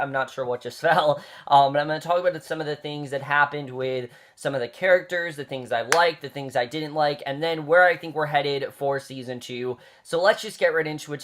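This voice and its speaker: A man's voice: mid-range voice, a bit bright. A man giving a casual, chatty review of a TV season, talking off the cuff with lots of fillers and repeated phrases.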